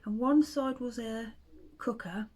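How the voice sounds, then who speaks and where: A woman's voice: a little high, unhurried, darkish tone, slightly rough, poor audio. A middle-aged woman, telling family stories in a casual chat, laughing often and sometimes dropping to a whisper. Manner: chatty storyteller who laughs often and drifts into whispers. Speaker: vlogger and mother.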